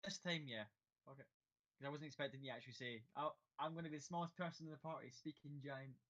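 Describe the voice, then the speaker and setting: Man, a bit high, dull recording; laid-back game master who swears. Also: steady tone, quick pace, fairly bright tone. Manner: casual, laughing, swears freely. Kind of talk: narrating a tabletop game.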